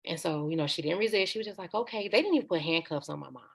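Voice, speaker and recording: A woman's voice: low-pitched, very fast, vocal fry, husky. A woman guest on a podcast, telling a personal story in a candid, conversational way. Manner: candid, conversational, slips into acted quotes.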